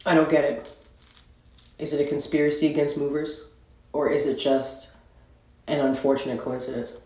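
A podcast host goes on an exasperated, swearing, meandering solo rant at normal speed, his medium-pitched, slightly mellow voice delivered flatly. A little hiss or hum underlies the echoey sound of his new, barely furnished apartment.

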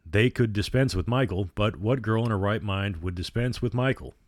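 A man narrating a storybook in a measured, even reading. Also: fairly low pitch, no echo, clean studio sound.

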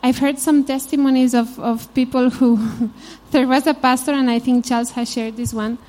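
A woman's voice: sits high, fairly even intonation, moderate pace, dark tone. A woman from Spain with a Spanish accent, teaching a conversational sermon in an informal, storytelling manner. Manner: informal, frequent "you know", storytelling asides. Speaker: Bible teacher.

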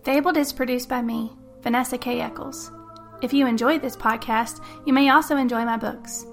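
A woman reading a murder story aloud in dramatic first-person narration, with a fairly high voice. Soft music runs under her. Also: fairly even intonation, normal speed. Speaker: podcast host and author.

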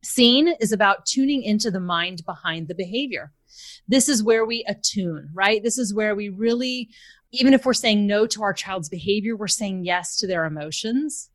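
A woman's voice: mid-range voice, normal speed, no room sound. A woman guest on a podcast, a parenting expert talking through examples and stories in a conversational way. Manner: explains with examples, acts out quoted lines.

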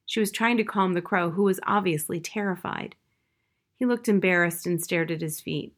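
Woman reading a children's novel aloud. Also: on the low side. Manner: measured storytelling narration. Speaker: audiobook reader.

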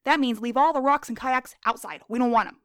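A woman's voice: a little high, a little fast, a bit bright, no room sound, studio quality. A woman hosting a podcast, narrating scripted animal facts in a playful, jokey, self-deprecating way. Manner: jokey, self-deprecating, quizzes herself in a game-show bit. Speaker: podcast host.

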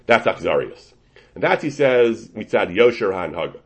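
A man's voice: on the low side, very animated, moderate pace, slightly rough. A man teaching a Talmudic-style lecture, walking through a source step by step and often restarting his sentences. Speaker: Torah teacher. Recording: dull lo-fi recording.

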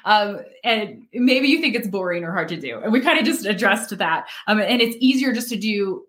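An earnest woman speaks openly about her faith in a casual conversation. Her pitch is mid-range for a woman. She fills her sentences with "um" and "like" and breaks into soft laughs. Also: lively intonation, normal speed. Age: adult with children. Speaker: guest sharing her faith testimony.

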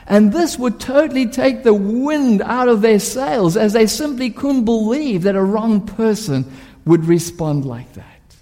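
A male preacher delivering a sermon in a high, animated voice with a mellow tone. He tells stories vividly and poses rhetorical questions at a slow, deliberate pace. A long reverb from a large hall follows his words.

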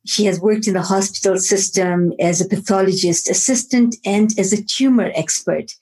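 Mellow-voiced woman hosting a podcast. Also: mid-range voice, normal speed. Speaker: podcast host. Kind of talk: scripted introduction, then interview. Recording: faint guitar music behind.

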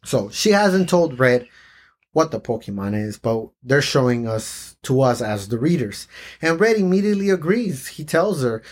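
A man talks through a comic chapter with a co-host in a loose, casual way. His voice is husky and slightly breathy. He laughs often and jumps his pitch up high to act out the characters' lines. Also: very animated, moderate pace. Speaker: podcast co-host. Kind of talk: casual chat reading a manga aloud.

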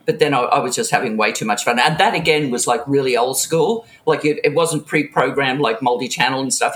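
A man telling an animated story in casual chat, laughing often and acting out what people said. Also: medium pitch, brisk, hardly any pauses.

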